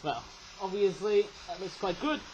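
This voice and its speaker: A man with a strikingly high voice rambles through a casual toy review, often ending his sentences with a questioning "eh?". He raises his voice to carry over a rattling toy train, and a faint hum of noise sits behind him. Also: normal speed, darkish tone, poor audio. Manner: rambling, chatty, tags lines with "eh?". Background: toy train running.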